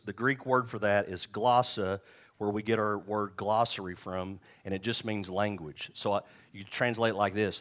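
A middle-aged man preaches in a church with a low-pitched voice. His delivery is relaxed and joking, and he keeps turning to the congregation with questions. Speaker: pastor. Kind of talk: sermon. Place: church sanctuary.

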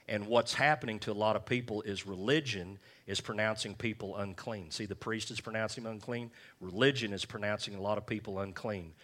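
A man's voice: fairly low pitch, fairly bright tone. A male pastor preaching a sermon in church, repeating phrases and checking in with the congregation with "all right?".

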